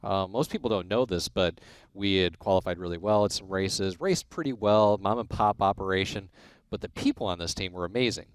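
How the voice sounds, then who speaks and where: Guy in his 40s from illinois, lowish voice, dry close mic, acts out the quotes in his stories. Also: brisk, no echo. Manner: animated storyteller acting out quoted dialogue. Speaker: guest, racing crew chief. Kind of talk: casual storytelling interview.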